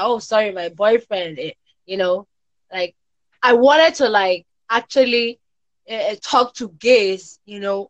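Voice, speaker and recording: A woman chatting casually as a podcast guest, telling lively stories. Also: muffled recording. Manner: animated storytelling, jumps high when quoting others. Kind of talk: casual chat.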